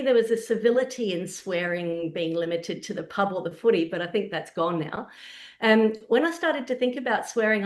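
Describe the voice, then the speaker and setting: An Australian woman presents a webinar and tells her story in an easy, chatty way, with lively asides. Her voice sits at a middle pitch. The recording echoes around the room. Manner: conversational storytelling, animated asides.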